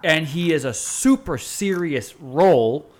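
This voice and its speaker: Casual male co-host, slightly high voice, rambles through his point. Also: animated, a little slow. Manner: rambling, searches for words with fillers. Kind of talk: casual chat.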